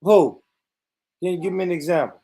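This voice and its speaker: This vlogger has a high-pitched voice and talks fairly quickly. He launches into an animated comic rant, swearing heavily and laughing again and again.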